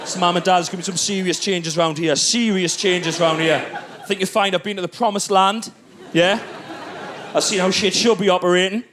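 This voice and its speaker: A man's voice: sits high, steady tone, a little fast, fairly bright tone. A man doing a bossy swaggering toddler. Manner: swaggering, demanding. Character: bossy toddler boy laying down rules.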